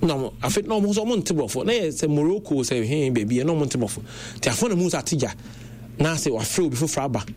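A young man with a Ghanaian accent tells his story in an animated, conversational way, switching easily between Twi and English. His voice sits a little high. There is a faint hiss of noise behind him. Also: fast.

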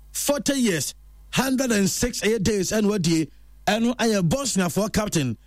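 High-voiced man reading football news. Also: no room sound, studio quality. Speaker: sports news presenter.

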